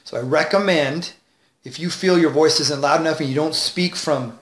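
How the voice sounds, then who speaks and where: A man as a confidence coach, giving advice straight to camera with clear enunciation, shifting tonality and deliberate pauses. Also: on the high side, fairly bright tone, echoey room. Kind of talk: direct-to-camera advice video.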